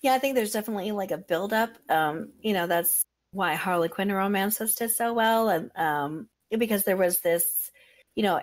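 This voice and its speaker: A woman hosting a podcast, talking in a relaxed, chatty way with plenty of fillers. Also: lowish voice. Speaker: podcast host. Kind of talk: casual podcast chat.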